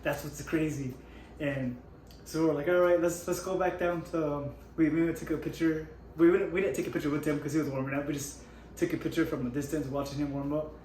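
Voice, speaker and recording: A hoarse man hosting his own channel, telling an excited, rambling story with lots of restarts. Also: a little high, a little fast, slight background noise. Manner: rambling with frequent restarts, hyped. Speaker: YouTube MMA channel host. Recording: echoey room with faint ambience.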